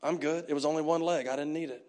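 A man's voice: fairly high pitch, fairly even intonation, fast, a little mellow, a little hiss or hum, close to an everyday voice. A man voicing a proud injured man lying in a ditch who refuses help, in a dismissive, stubborn tone.

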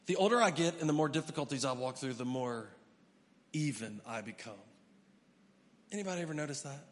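Middle-aged male preacher, high bright voice, emphatic delivery, reverberant church hall. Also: expressive, a little fast. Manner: emphatic, swings from loud to hushed. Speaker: pastor. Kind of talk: sermon.

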